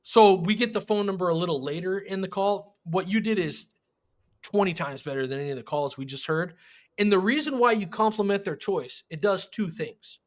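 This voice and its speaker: A man hosting a panel discussion as a sales trainer, talking in a blunt, emphatic, animated way. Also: high voice. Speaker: sales trainer and show host.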